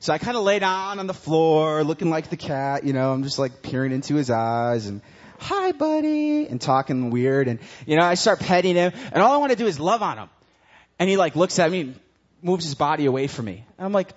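A male preacher with a slightly raised voice delivers a sermon in an easygoing, conversational manner. He tells animated stories to make his point. The recording sounds dull and lo-fi. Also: on the high side.

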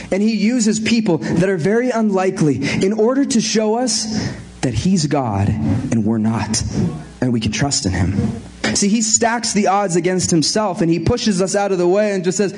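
A male pastor preaching a sermon, lively and animated, acting out scenes with playful asides. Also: high-pitched. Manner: animated, acts out Bible scenes with voices and laughs.

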